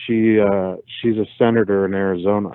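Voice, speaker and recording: Low-voiced male caller on a tinny phone. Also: brisk, smooth, no echo. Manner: relaxed, joking, hesitant with fillers. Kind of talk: phone call-in chat.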